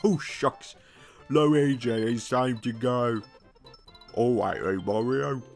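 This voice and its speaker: A man's voice: medium pitch, slow, gravelly, a little mellow, soft background music. A man voicing Mario as a cheerful male plumber hero with a put-on British accent, hammy and drawn out. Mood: cheery. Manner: hammy, bouncy catchphrases, drawn out.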